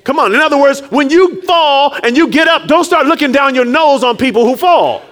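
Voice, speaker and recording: A man preaching a sermon with call-and-response, rising to shouts and dropping low, acting out scripture figures. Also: a little fast. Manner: animated, call-and-response, rises to shouts then drops low; acts out Jesus and Peter in quiet low tones.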